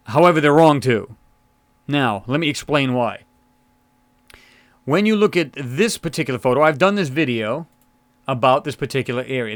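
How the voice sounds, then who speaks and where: A man's voice: a little high, a bit bright, no room sound. A man hosting his own channel, rambling through a casual commentary on photos with many fillers and restarts, his throat scratchy. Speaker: channel host. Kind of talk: casual screen-share commentary.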